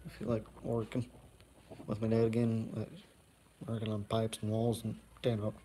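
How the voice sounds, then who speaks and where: A man's voice: lowish voice, completely flat delivery, normal speed, warm tone, slight background noise, low-quality recording. A young man chatting casually on a live stream at home, rambling with many fillers as he walks around. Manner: rambling, easygoing, full of fillers and asides.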